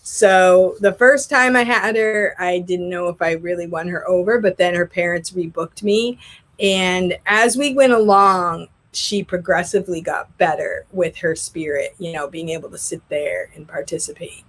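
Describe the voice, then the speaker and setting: A woman's voice: lowish voice, moderate pace, a bit bright. A woman who teaches English online, chatting casually and telling rambling stories about her classes. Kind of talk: casual vlog chat.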